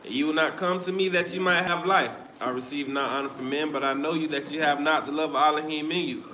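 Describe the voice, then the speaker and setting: A man's voice: on the high side, fairly even intonation, quick pace, sharp tone. Man reading scripture in an echoey room. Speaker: scripture reader. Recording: echoey room with clear background noise.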